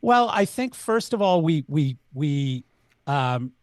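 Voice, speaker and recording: Middle-aged Canadian man, animated podcast storyteller, dry close mic. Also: a little high, slow, no echo. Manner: animated, acts out both sides of dialogue. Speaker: podcast guest. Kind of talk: conversational storytelling.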